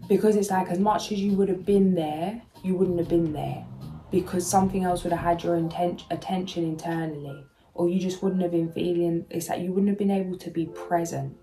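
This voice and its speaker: A woman's voice: fairly low pitch, steady tone, fairly quick, low-quality recording. A woman giving a soothing spiritual tarot reading to her viewers, speaking emotionally and sometimes searching for words. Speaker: tarot reader. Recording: soft music underneath.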